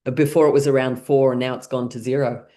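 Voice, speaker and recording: With a bass voice, a dark tone and fairly even intonation, a woman speaks quickly as she runs an online laughter class. She playfully steers imaginary scenarios and keeps breaking into fits of laughter.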